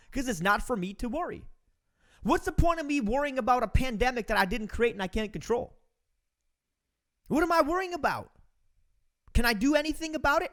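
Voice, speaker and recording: A man's voice: extremely high pitch, fairly bright tone. A man hosting a podcast, giving an emphatic, preachy motivational talk to his listeners. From Romania. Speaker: podcast host. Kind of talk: motivational monologue.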